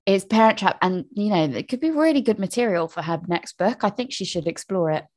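A woman's voice: medium pitch, fairly quick. Casual woman co-host, chatty and self-deprecating, mid-range voice. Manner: chatty, animated storytelling with laughs and restarts. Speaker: podcast co-host. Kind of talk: casual chat.

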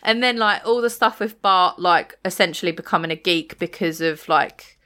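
A woman's voice: lowish voice, normal speed, bright, forceful tone. An English woman co-hosting a podcast, chatting casually with lots of fillers and frequent laughter. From England. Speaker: podcast co-host. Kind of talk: casual chat.

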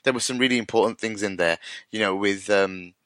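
Bright-voiced man in lively casual chat. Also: lowish voice, fairly quick, no echo. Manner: animated, laughing, swearing freely.

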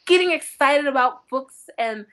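A young woman from North Dakota, a book blogger guest telling animated stories in casual interview chat, laughing often. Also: high-pitched, a little slow.

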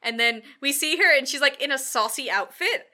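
Bright animated woman chatting. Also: high-pitched, fairly quick. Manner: animated, peppered with "like", acts out quotes. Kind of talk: casual podcast chat recapping a film.

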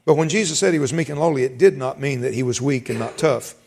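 A man's voice: medium pitch, quick pace, vocal fry, a little mellow. A man preaching a sermon as pastor, folksy, repeating words and rising for emphasis.

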